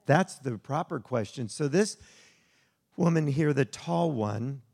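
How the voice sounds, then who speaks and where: A man preaching a sermon to a congregation, telling a story in an animated, conversational way. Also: medium pitch, slow, creaky, slightly rough. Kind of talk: sermon with slide show.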